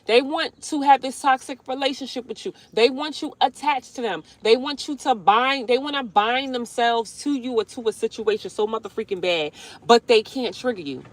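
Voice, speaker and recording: A woman's voice: on the high side, normal speed, few pauses. A young woman giving a live-streamed tarot reading outdoors beside a road, talking in a chatty, slangy, emphatic way. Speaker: tarot reader.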